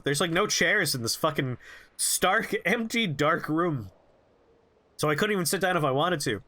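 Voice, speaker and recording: A man's voice: fairly high pitch, expressive, normal speed, bright, forceful tone. A young man streaming a game who tells a rambling, jokey story with lots of animation. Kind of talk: storytelling while playing a game.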